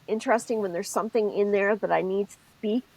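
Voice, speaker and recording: Woman co-host with a gravelly rasp, expressive, thinks aloud in casual spiritual chat. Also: mid-range voice, fast talker, poor audio. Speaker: podcast co-host.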